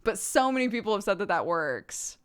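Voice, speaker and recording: A woman's voice: medium pitch, sing-song, fairly quick, a bit bright, clear, resonant tone. A woman in her thirties, a streamer chatting casually with her viewers, rambling and laughing often. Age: 30s.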